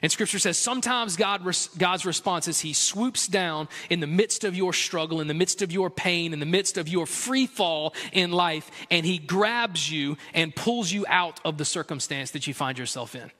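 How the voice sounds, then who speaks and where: Bright, high-voiced man preaching in a hall. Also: normal speed, hardly any pauses. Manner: conversational, builds to animated storytelling with a raised, excited voice. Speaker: pastor. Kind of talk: sermon.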